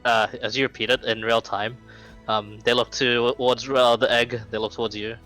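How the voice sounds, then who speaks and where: Bright-voiced man running a tabletop game. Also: mid-range voice, flat delivery, moderate pace, soft background music, rough recording. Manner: rambling narration full of ums and restarts. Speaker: game master.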